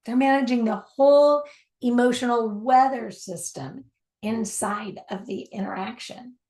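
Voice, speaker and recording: A woman giving a spoken teaching on communication, emphatic and repetitive for stress, sometimes dropping to a soft near-whisper. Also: a little high, a little slow.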